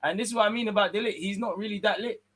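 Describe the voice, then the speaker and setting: A young man giving casual, slangy live football commentary, swinging between excited outbursts and low mutters. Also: very fast, husky. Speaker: watch-along streamer.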